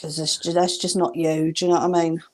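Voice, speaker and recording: A woman's voice: sits low, little pitch movement, fast, a little hiss or hum. A woman talking frankly and reassuringly in a casual chat.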